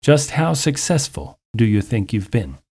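A man reads a haughty male newspaper reporter who pokes at the man he is questioning. The voice is mellow and dark. It is delivered as a story told on a radio program. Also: medium pitch, sing-song, a little slow, slightly rough, heavily acted. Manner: haughty, prodding.

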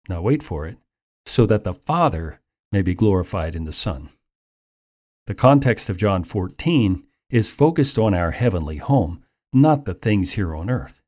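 A man preaching a Bible teaching in a measured, earnest, explanatory way. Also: on the low side, darkish tone. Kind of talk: sermon-style Bible teaching.

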